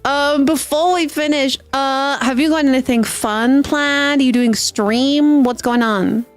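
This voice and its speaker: A woman's voice: high-pitched, a little slow, soft background music. A woman with a British accent hosting a casual stream chat, bubbly and giggly with frequent exclamations. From Britain. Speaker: stream host.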